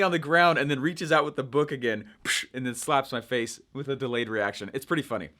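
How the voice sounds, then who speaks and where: A young man coaching viewers in a chatty, energetic way, checking in with "right?" as he explains. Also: mid-range voice, fast talker. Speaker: online marketing coach. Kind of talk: casual teaching monologue.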